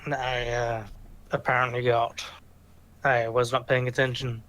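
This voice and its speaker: A man's voice: medium pitch, little pitch movement, unhurried, fairly bright tone. A man playing in a tabletop game, offhand and unsure of the rules. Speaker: player.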